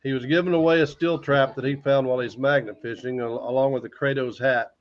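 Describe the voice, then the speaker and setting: A man's voice: medium pitch, steady tone, a little fast. Easygoing American man hosting a livestream. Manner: easygoing, rambling, retells conversations. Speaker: livestream host. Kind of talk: casual live-stream chat. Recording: dull lo-fi livestream audio.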